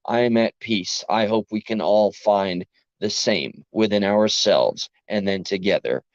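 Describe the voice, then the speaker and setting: A man with a New York accent talks to his live chat late at night, tired after a long workday. He rambles earnestly and keeps cutting himself off. His low voice comes through a dry, dull, lo-fi recording. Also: a little slow, dry recording. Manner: rambling, self-interrupting, earnest. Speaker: livestream host.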